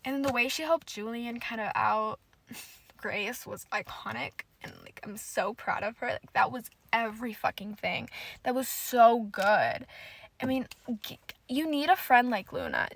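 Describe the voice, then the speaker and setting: A woman's voice: on the high side, measured pace, gravelly, a bit bright. A woman hosting a solo podcast, gushing emotionally and swearing often as she recaps a TV episode. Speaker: podcast host.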